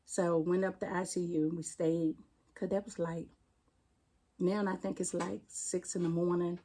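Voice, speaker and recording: Mellow-voiced D.C. woman recounting her loss. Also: lowish voice, level tone. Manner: plainspoken, halting, retelling a painful loss. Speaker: interview guest, firefighter. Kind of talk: personal storytelling in an interview.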